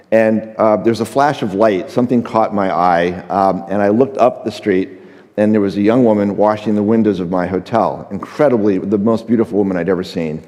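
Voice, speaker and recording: Low, mellow man telling a story. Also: long reverb tail. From United States. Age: middle-aged. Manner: anecdotal, acts out dialogue, frequent fillers. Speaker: conference speaker, photographer. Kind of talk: storytelling talk on stage. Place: large conference stage before an audience.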